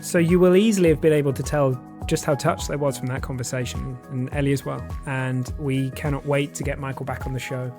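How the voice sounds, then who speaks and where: A male podcast host talks in a chatty, effusive way. His voice sits at a middle pitch, and faint music plays behind him. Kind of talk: casual podcast conversation and outro.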